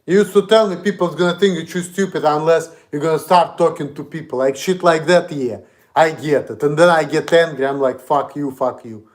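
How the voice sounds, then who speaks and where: A man's voice: fairly high pitch, fairly quick. A man with a Russian accent, streaming an indignant, profane, repetitive rant. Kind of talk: ranting monologue.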